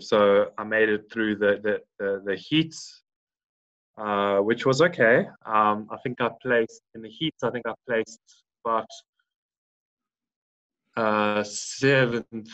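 This podcast guest is a man in his thirties from South Africa who used to be a Paralympic swimmer. His voice is lowish and a bit bright, and he talks in a rambling way with lots of restarts and fillers during a casual interview captured with dull, lo-fi audio.

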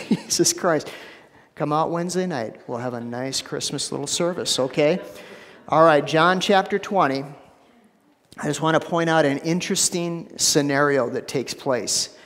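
Male pastor, casual conversational sermon, higher voice, long church reverb. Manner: conversational preaching with repetitions and asides. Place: church sanctuary.

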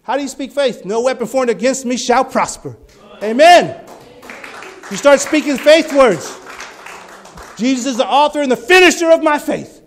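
A male preacher giving a sermon, telling healing stories and rising to loud, fervent exclamations. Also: very high voice, animated, normal speed, a faint crowd.

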